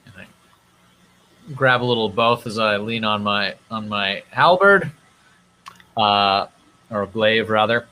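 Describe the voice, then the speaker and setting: A man playing a tabletop game, speaking in character in a slow, hesitant way with many fillers. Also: fairly low pitch, sharp tone, a little hiss or hum. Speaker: player.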